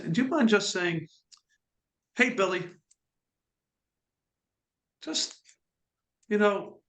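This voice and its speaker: A man's voice: a little high, a bit bright. A man voicing an eager, nervous teenage boy who stammers while pleading for a favor in a told anecdote.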